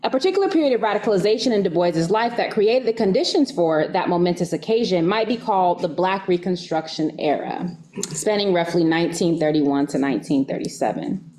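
American woman, lower voice, academic lecturer, earnest with light laughs. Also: animated, a little fast, mellow. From United States. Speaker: guest lecturer.

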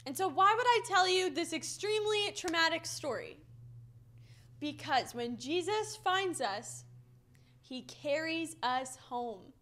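A young woman giving a children's message, telling stories to kids in an animated, playful way. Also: very high-pitched, slow pace. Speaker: children's minister.

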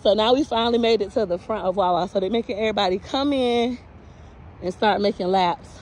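A woman's voice: mid-range voice, brisk, darkish tone, slight background noise. Chatty Tampa woman vlogging outdoors. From Tampa, Florida. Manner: chatty, greets passersby, laughs often. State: out of breath. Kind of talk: casual walking vlog reporting. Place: outdoors by a busy gas station line.

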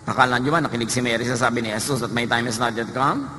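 A man's voice: mid-range voice, fairly even intonation, racing, few pauses, sharp tone. A man with a Filipino accent preaching a sermon, conversational and humorous, moving between English and Tagalog. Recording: echoey hall, faint noise.

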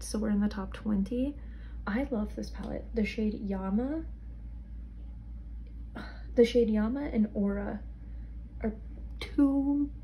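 Young woman, tired, rambling casual review, gravelly fry, mellow tone. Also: mid-range voice, slight background noise. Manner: chatty, rambling, frequent "like" and "um". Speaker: beauty vlogger.

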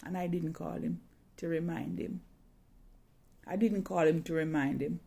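A woman's voice: lowish voice, steady tone, measured pace, vocal fry, dark tone, slightly rough. A woman telling a personal story in a dramatic, emotional way, often repeating phrases.

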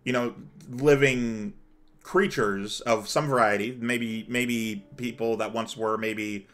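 A man hosting a let's play, rambling and digressive in casual commentary, growing excitable. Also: mid-range voice, takes it slowly.

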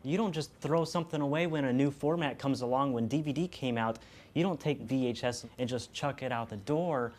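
A man's voice: mid-range voice, brisk, darkish tone, slight background noise. A man earnestly making his case in a documentary interview. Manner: earnest, insistent. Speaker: VHS collector interviewee.

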